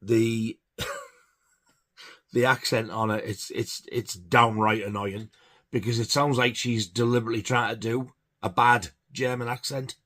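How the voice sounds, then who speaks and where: A man's voice: mid-range voice, steady tone, unhurried, fairly bright tone. A man giving a casual, rambling film review, hesitant with many fillers. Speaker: film collector reviewing horror films.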